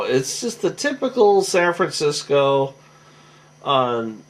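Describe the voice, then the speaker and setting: A man's voice: on the high side, lively intonation, unhurried. A tired man recapping a reality show in a rambling, casual monologue full of fillers and restarts.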